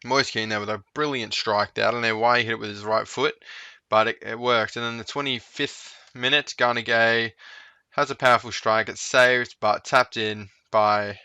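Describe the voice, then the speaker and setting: A man's voice: medium pitch, steady tone, moderate pace, bright, forceful tone, clean tone, no room sound. A young man chatting casually through his football management game, talking to his players on screen as he goes. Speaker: gaming YouTuber. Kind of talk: casual let's-play commentary. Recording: dull, slightly lo-fi sound.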